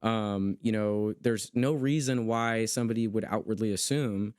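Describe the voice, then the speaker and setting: Recorded in a clean studio with no echo, this young man from the United States hosts a podcast, reading chat comments in casual, earnest conversation with plenty of emphasis. His lowish voice is steady, clear and resonant, darkish in tone, at a normal speed.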